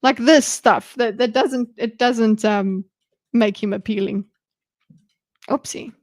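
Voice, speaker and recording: A woman's voice: fairly high pitch, takes it slowly, darkish tone, no echo. Chatty giggling woman, dry close sound. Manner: chatty, giggly, talks back to the video. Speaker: streamer commenting on a debate video. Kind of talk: casual live commentary.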